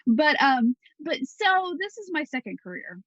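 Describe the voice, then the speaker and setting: A woman's voice: high-pitched, sing-song, measured pace, fairly bright tone, no room sound. A woman in her forties with a Southern American accent, an enthusiastic guest who laughs often in a casual interview. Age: 40s. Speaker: guest photographer. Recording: dull dry sound.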